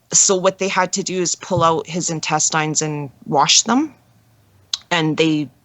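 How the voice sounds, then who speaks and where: A woman being interviewed as a guest, telling a personal story in an earnest, halting way with frequent restarts. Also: sits low, fairly bright tone, dry recording.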